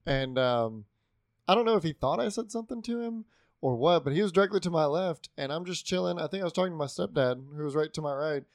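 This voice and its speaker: A man co-hosting a casual gaming podcast, telling a story in a relaxed, rambling way. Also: a little high, fast, no room sound, studio quality. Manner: laid-back, rambling storyteller. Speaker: podcast co-host.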